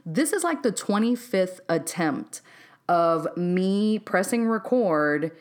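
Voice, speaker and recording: A Texas woman with a lowish voice talks freely on her own podcast, unscripted and candid. She chats warmly in a loose way, drops in a "y'all", and laughs at herself now and then. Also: expressive, slow. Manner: candid, chatty, laughs easily, says "y'all" and "um". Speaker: podcast host. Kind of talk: unscripted solo podcast talk.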